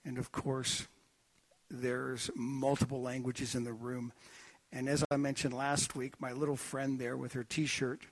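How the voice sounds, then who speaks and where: A man preaching a sermon in a church, telling stories in an animated, joking way. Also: mid-range voice, unhurried. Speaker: pastor. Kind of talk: sermon with anecdotes.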